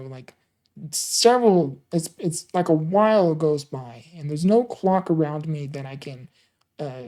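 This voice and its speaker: A man tells his own story in a mellow, soft-toned voice. He sounds earnest and emotional. He often halts, repeats and restarts his words. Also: a little high. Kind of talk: personal storytelling.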